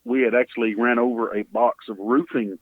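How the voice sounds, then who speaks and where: A man's voice: mid-range voice, fairly even intonation, brisk, no echo. A man with a Texan accent, a guest telling an earnest, emotional story from his relief volunteering. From Texas. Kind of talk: storytelling in an interview. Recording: dry, phone-like sound.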